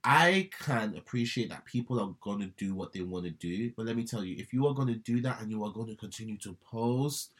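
A man co-hosting a podcast, animated in casual chat, laughing often and repeating himself. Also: fairly low pitch, brisk, hardly any pauses. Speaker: podcast co-host.

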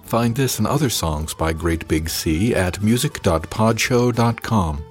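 A man reading a science fiction audiobook in first person, with an even, steady storytelling delivery. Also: on the low side, a little slow, soft background music. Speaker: audiobook podcast narrator.

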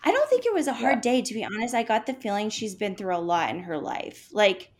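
Woman, young adult, casual storytelling, animated, acts out quotes, many fillers. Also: medium pitch, a little fast. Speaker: podcast co-host.

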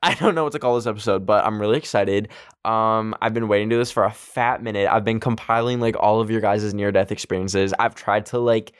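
A man's voice: fairly low pitch, steady tone, fairly quick, clean tone, no echo, studio quality. Giddy rambling male podcast host. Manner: giddy, self-mocking, rambles off track. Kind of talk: casual rambling podcast chat.

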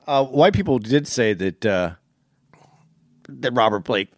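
A man co-hosting a casual podcast, teasing his partner and jumping in with quick comments. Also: mid-range voice, lively intonation, dry recording, clean studio sound. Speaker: podcast co-host. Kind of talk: casual banter.

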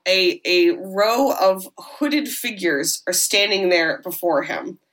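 Bright woman recapping a film. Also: lowish voice, takes it slowly. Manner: animated storytelling with swearing and asides. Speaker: podcast host.

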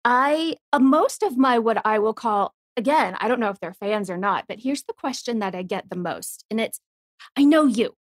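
A woman in her thirties co-hosting a podcast, telling stories in a lively way, laughing often and quoting people as she goes. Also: on the high side, normal speed, hardly any pauses, no echo, clean studio sound. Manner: animated storyteller who laughs often and quotes people. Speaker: podcast co-host. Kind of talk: casual chat, telling anecdotes.

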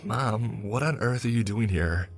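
A man with a very deep voice voicing a flustered teenage girl, lifting his pitch and volume for her outbursts. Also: unhurried, faint music behind, close to an everyday voice. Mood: alarmed. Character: panicked teenage daughter, young woman.

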